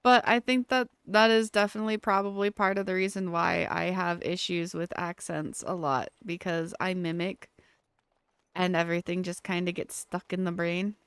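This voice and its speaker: A woman's voice: on the low side, steady tone, normal speed, fairly bright tone, smooth, dry recording. A woman streaming a game live, chatting casually with her viewers and often giggling. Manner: chatty, giggly, answers chat.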